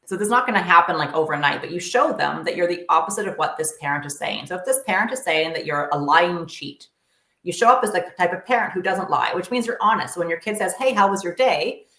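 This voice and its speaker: A woman guest coach explains advice in an earnest, emphatic way, leaning on fillers as she thinks aloud. Her voice sits a little low. The recording has a roomy echo. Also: lively intonation, quick pace, pushed and bright. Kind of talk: interview conversation, explaining advice.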